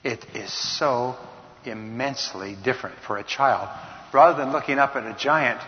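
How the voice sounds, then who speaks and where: A man giving a motivational lecture on communication, emphatic and slowing down for key points. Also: mid-range voice. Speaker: speaker on communication. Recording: dull sound, long hall reverb.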